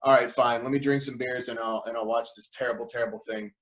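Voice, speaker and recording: A man on a podcast talking casually, halting and restarting often. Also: medium pitch, steady tone, fairly bright tone. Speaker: podcast guest.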